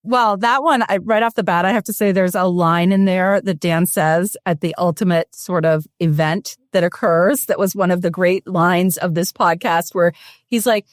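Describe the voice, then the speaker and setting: A woman on a podcast panel, telling a story in an animated, amused way. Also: on the low side, moderate pace, no echo, studio quality. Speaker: podcast co-host. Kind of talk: casual panel chat.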